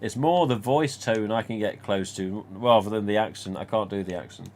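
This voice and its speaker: This man from England has a lowish voice and a moderate pace. On his casual live stream he answers comments by rambling through anecdotes, with some mild swearing.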